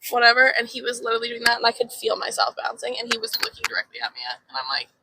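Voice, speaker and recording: A young woman with a high, lively voice and a gravelly edge. She talks bluntly and emphatically in casual podcast chat. A clear hiss of noise sits under her voice. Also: very fast. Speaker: podcast co-host. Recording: noisy background.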